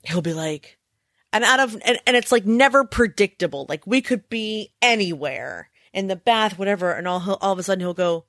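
A woman co-hosting a podcast in casual chat, telling stories animatedly and acting out a panicked child in high squeals. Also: animated, a little fast, a bit bright, no echo, clean studio sound. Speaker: podcast co-host.

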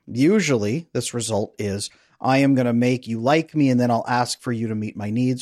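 A middle-aged man, a relationship coach, talking as a podcast guest in a lively, playful, guiding way. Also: mid-range voice, no room sound, clean studio sound. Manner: energetic, playful, guides listener through an exercise. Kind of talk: conversational interview.

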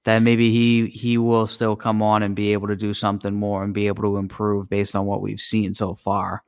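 A man's voice: fairly low pitch, completely flat delivery, moderate pace, smooth, dry recording, clean studio sound. A man co-hosting a casual sports podcast, plain-spoken and agreeable, with some hesitations. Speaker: podcast co-host.

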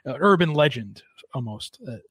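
Young dude rambling thru a story, lots of "like", dead dry sound. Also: male voice, mid-range voice, normal speed, slightly rough, no room sound. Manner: chatty, many fillers, animated retelling. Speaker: sports broadcaster guest. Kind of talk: casual storytelling interview.

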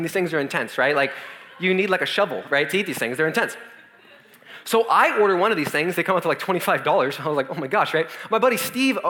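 A young man in his twenties giving a casual youth sermon, telling a comic story with lots of fillers and animated asides. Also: on the high side. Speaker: youth speaker.

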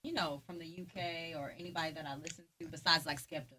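A woman joining a casual conversation, thoughtful and a little hesitant. Her voice sits low for a woman. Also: fairly even intonation, fast, sharp tone. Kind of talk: casual chat.

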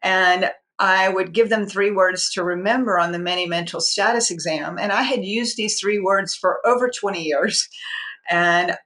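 A psychiatrist in her sixties, appearing as a guest on a podcast interview, tells her own story candidly and earnestly with light laughs. Her mid-range voice has a bright, forceful tone at a moderate pace.

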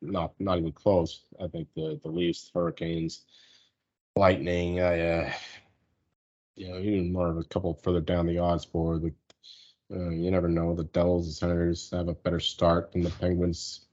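Man, very deep voice, husky, rambling sports betting talk, casual swearing. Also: level tone, moderate pace, darkish tone, muffled recording. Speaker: sports betting podcast co-host. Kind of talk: casual chat.

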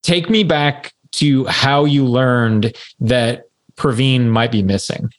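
A man co-hosting a podcast, asking gentle, probing interview questions. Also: medium pitch, slow pace.

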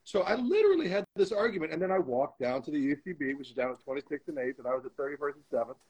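A man's voice: fairly high pitch, very animated, racing, a little mellow, husky, low-quality recording. A man being interviewed as a guest, telling a candid story with emphatic, motivational repetition. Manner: emphatic, motivational, repeats phrases for stress.

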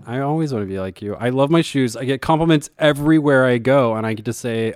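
A man's voice: mid-range voice, fast talker, hardly any pauses, darkish tone, no room sound. Brief: man co-host, joking ad reader, dry studio. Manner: playful, teasing. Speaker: podcast co-host. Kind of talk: playful ad read.

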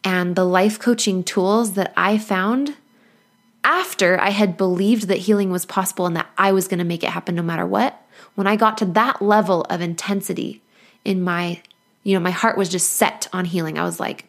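A woman's voice: mid-range voice, brisk. Woman, 30s, life coach podcast host; earnest, encouraging, playful asides. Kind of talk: motivational podcast monologue.

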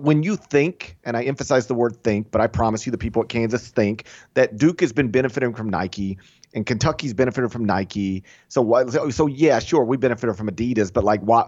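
A man co-hosting a sports podcast in casual chat, opinionated and animated, acting out the voices he quotes. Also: mid-range voice, no echo, highs cut off. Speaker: college basketball podcast co-host.

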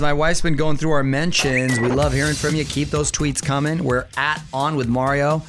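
A middle-aged male radio host with a fairly high voice for a man. He reads his show items in brisk, upbeat patter. He jokes and banters easily with his wife on air. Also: fairly even intonation, background noise.

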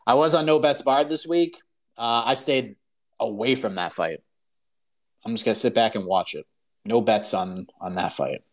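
A man's voice: medium pitch, moderate pace. A man hosting a show, chatting casually and rambling through his betting picks, laughing as he talks. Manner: relaxed, rambling, laughs while talking. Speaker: podcast host. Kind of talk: casual chat about fight betting.

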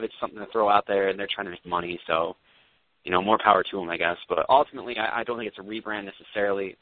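Guy giving his take on sports, deepish voice, dry phone-line audio. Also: no room sound. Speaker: podcast co-host. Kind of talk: casual sports talk. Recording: dry, tinny phone-like sound.

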